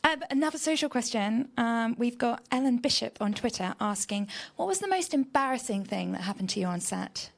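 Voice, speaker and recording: A woman's voice: on the high side, expressive, fairly quick, gravelly, few pauses. A woman hosting an interview, reading out questions from the audience and social media. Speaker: interview host. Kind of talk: casual interview.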